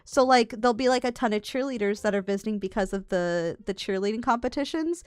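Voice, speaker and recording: A woman's voice: medium pitch, fast talker, clean tone, no echo, studio quality. A young woman chatting as a guest, telling candid, exasperated stories from working a theme park ride. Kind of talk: casual chat.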